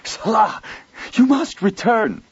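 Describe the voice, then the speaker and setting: A man's voice: high voice, sing-song, takes it slowly, lo-fi sound, a little hiss or hum, pitched above the performer's own voice, heavily acted. A man voicing an anguished young man who pleads in a strained voice.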